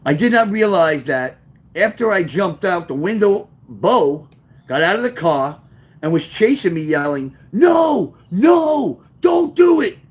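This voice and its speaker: A man reading his own memoir aloud, telling the story with lively, offhand asides. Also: a little high, a little slow. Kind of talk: first-person memoir storytelling.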